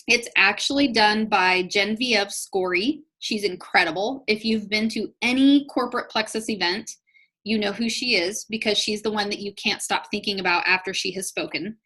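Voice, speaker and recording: A woman's voice: medium pitch, normal speed, bright, forceful tone. Upbeat woman coaching a sales team. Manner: chatty, upbeat and encouraging, talks straight to her audience. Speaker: network marketing trainer. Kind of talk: live online business training.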